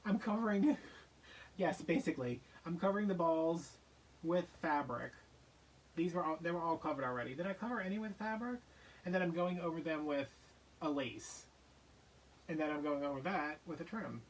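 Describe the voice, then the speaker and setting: A man's voice: on the high side, animated, normal speed, distant mic, rough recording. A man chatting casually on a live stream, telling jokey, playful stories while he crafts.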